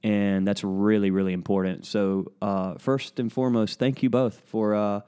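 A man's voice: fairly low pitch, fairly even intonation, normal speed, mellow, smooth. A man, a pastor guest on a podcast, speaking earnestly and gratefully with many fillers, at his kitchen table. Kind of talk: casual interview chat.

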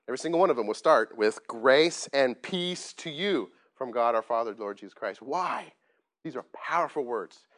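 A man preaching a sermon as pastor, plain-spoken and self-deprecating, often asking the congregation questions. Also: medium pitch. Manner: conversational, asks the congregation questions.

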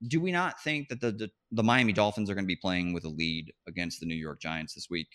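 A man's voice: deep voice, quick pace, fairly bright tone. A man hosting a fantasy football podcast, talking casually and with animation, often restarting his sentences and laughing mid-phrase. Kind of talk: casual sports chat.

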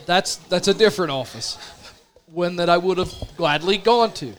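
A man in his thirties tells a story in loose, casual chat, slipping into the voices of the people in it. His voice sits high, and his pitch swings widely as he goes. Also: normal speed. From Indiana. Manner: animated storyteller, acts out voices of others.

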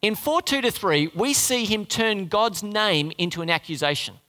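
A man preaching a sermon in an animated, joking manner, asking the audience questions. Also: sits high, normal speed, in a large hall.

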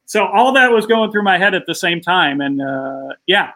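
A man's voice: high voice, animated, moderate pace, sharp tone, poor audio. A man, a stand-up comedian, telling an anecdote as a podcast guest, acting out the voices of the people in it. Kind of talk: casual interview storytelling.

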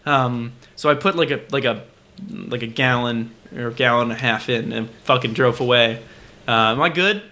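A man's voice: mid-range voice, moderate pace, few pauses, bright, forceful tone. A man co-hosting a podcast, telling rambling, profane stories in casual chat. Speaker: podcast co-host.

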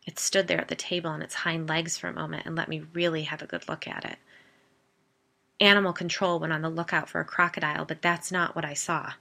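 A woman's voice: low-pitched, flat delivery, fairly quick, vocal fry, pushed and bright, full character voice. A woman reading the part of a wife earnestly recounting a frightening event in a spoken story.

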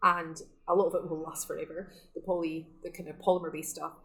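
She speaks fast in a low-pitched, level voice that's a bit bright, though the recording quality is low. The woman runs a sustainable fashion shop and, during a casual interview at her Highland Scottish store, chats with enthusiasm and laughs frequently.

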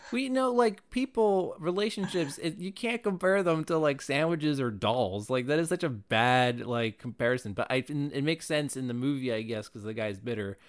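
A co-host in casual chat about a movie, talking fast and opinionated, with many fillers. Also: medium pitch. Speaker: podcast co-host.

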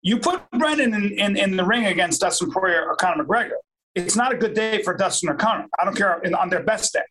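A man's voice: sits high, lively intonation, fast, a bit bright, poor audio. A man in emphatic casual chat who swears and repeats himself.

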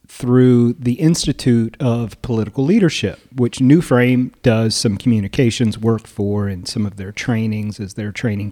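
A man's voice: lowish voice, mellow. A man co-hosting a podcast, chatting casually and playfully, laughing often at his own jokes. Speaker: podcast co-host. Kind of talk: casual chat.

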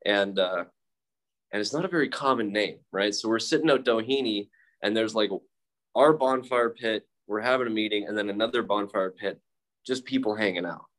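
A young man with a slightly low voice shares his story at a recovery meeting. He talks casually and candidly. He swears freely, pokes fun at himself, and leans on fillers like "uh" and "like". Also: moderate pace, a bit bright. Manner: candid, profane, self-mocking, with frequent fillers. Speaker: speaker sharing at a recovery meeting.

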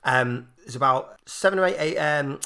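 A man's voice: mid-range voice, moderate pace. A man on a podcast telling a funny story in casual chat, swearing and laughing as he goes. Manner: animated, swearing, laughs through his own story. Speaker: podcast co-host.

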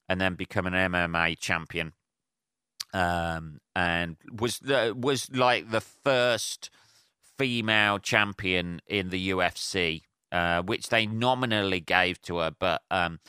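A man's voice: low voice, sharp tone, clean tone, no echo, studio quality. A man hosting a solo podcast, talking in a rambling, profane, casual rant with many fillers and restarts. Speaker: podcast host. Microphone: handheld portable recorder.

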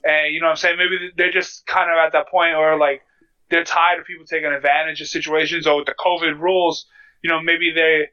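A man with a very bright, fairly high voice chats casually with friends, asking questions and laughing along. The recording sounds somewhat dull. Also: level tone, fairly quick, clear, resonant tone. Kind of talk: casual podcast chat.

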